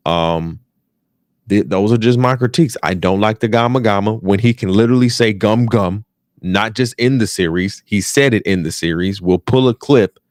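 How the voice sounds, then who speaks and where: A man's voice: on the low side, moderate pace, no echo, studio quality. An American man with an African American English accent hosting a podcast, ranting casually and profanely, repeating phrases for emphasis. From United States. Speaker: podcast host.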